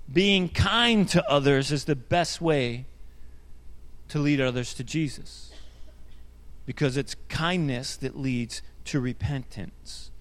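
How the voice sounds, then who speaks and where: High-voiced man preaching in a reverberant hall. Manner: conversational preaching with repeated words and asides. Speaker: pastor. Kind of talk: sermon.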